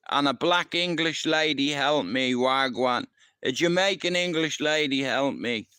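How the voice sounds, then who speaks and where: A middle-aged Irish livestream host rambles through stories from his past, swearing freely and often checking that the listener understands. His voice sits on the high side, fairly bright and clean, with no room sound.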